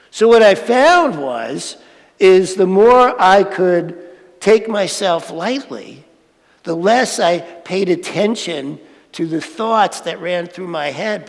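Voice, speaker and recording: A man in his sixties giving a sermon-style talk with animated, self-mocking storytelling. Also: high voice, vocal fry. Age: 60s. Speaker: speaker at a spiritual centre. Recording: hall reverb.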